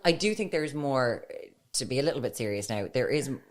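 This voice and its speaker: Woman, Irish accent, 30s, low voice, wry, joking, podcast co-host. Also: expressive, fairly quick. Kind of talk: casual chat.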